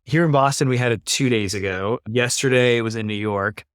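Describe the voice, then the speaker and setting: A man's voice: medium pitch, fairly quick, clear, resonant tone, no echo, clean studio sound. A man in his thirties, an earnest and reflective podcast guest talking casually, often saying "like.". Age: 30s. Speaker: podcast guest, climate investor. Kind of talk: casual conversation.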